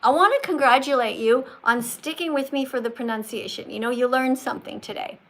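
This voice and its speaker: A woman's voice: high voice, brisk, a bit bright. A woman hosting a live-stream call-in, talking emphatically and lecturing her callers, correcting how they pronounce words. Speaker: livestream host talking with callers.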